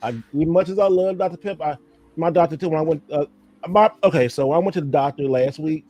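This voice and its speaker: Excited casual man with a twang. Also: a little high, fast, no echo. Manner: loose and profane, talks to viewers as y'all. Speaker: podcast host. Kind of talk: casual live-stream chat.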